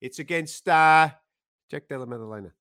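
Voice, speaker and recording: A man plays a laid-back male matchmaker with a jokey Australian accent, friendly and matey. The voice is pitched high and easygoing. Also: fairly quick, a bit bright. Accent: put-on Australian.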